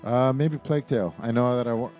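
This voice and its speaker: A man's voice: medium pitch, fast, a little mellow, faint music behind. A man co-hosting a casual gaming podcast, talking loosely with lots of fillers and swearing. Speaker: podcast co-host.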